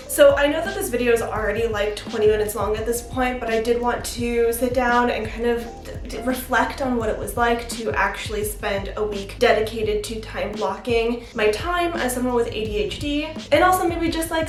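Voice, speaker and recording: Giggly young woman vlogger, highish voice, roomy sound from a distance, faint music behind. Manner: chatty, giggly, lots of "like". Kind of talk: casual vlog chat.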